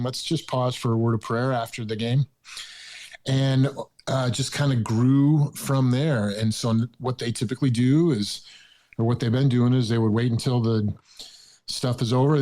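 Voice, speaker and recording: A man hosting a faith-based sports podcast, explaining a story in a relaxed, conversational way. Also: mid-range voice. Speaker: podcast host. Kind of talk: casual sports chat.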